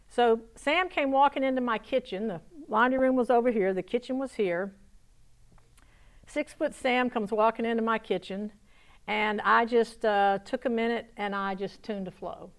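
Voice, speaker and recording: Addressing an audience, a female pastor recounts her testimony at a moderate pace in a voice on the high side. Her telling is energetic, though it sometimes sinks to a quiet hush.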